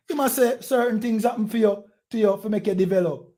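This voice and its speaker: A Jamaican man preaching with fierce, confrontational energy, hammering his points through repetition. His voice sits high for a man, yet the tone stays dark and mellow. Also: brisk, hardly any pauses. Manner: forceful, confrontational, repeats phrases. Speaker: street preacher. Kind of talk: heated street preaching.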